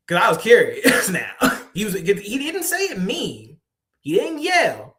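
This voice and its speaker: A man's voice: sits high, wildly swooping pitch, unhurried, a bit bright. A man, a poet and author, telling stories in a casual interview, laughing often and acting out the voices of the people he quotes.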